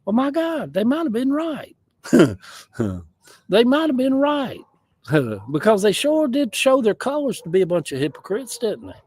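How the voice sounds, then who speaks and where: A man's voice: high-pitched, a little mellow, no echo. Rambling Southern man chatting outdoors. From American South. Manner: rambling, folksy, chuckling asides. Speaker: livestreamer. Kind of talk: casual chat. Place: outdoors in a yard.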